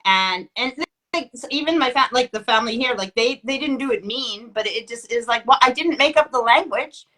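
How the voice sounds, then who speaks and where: A woman's voice: on the high side, a little fast, sharp tone. A woman from Canada with a Canadian accent, chatting casually and rambling, often breaking off mid-sentence. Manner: rambling, self-interrupting with many likes. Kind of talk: casual chat.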